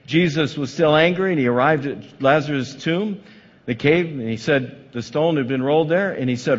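A male pastor preaching a sermon dramatically, swinging from loud emphasis to hushed tones in a large hall on a dull, lo-fi recording. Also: fairly high pitch, normal speed.

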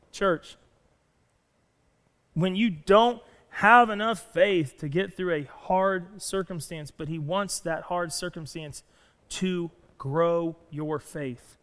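A man preaching to his church with animated, storytelling energy, sometimes rising and sometimes dropping soft. His voice sits fairly high for a man. It rings out in a hall with a long reverb. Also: measured pace. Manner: animated storytelling, acts out quoted lines. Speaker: pastor. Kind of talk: sermon.

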